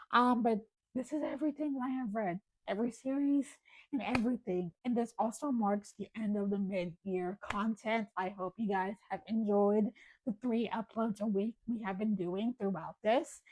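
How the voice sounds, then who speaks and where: A woman's voice: mid-range voice, no room sound, poor audio. Chatty young American woman, dry sound. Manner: chatty, rambling, lots of fillers. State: losing her voice. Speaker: book vlogger. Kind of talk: casual chat to camera.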